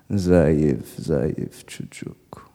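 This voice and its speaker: A man's voice: rumbling low, vocal fry, pitched below the performer's own voice, exaggerated voice. A man doing his chuckling, teasing father. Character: gruff laughing Turkish father mocking his son. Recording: long reverb in a live hall, soft guitar behind.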